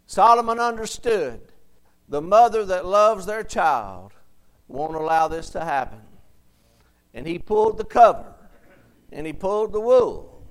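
A man preaching a sermon in a high, clear voice. He takes his time, retells scripture in everyday words and pauses to call for an amen from the congregation. His delivery is smooth and resonant. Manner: reads King James verses aloud.

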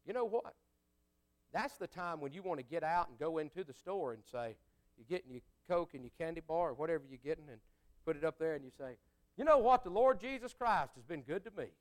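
A man preaching a sermon, folksy and conversational, swinging from fiery outbursts to quiet asides. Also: on the high side, lively intonation, fairly quick.

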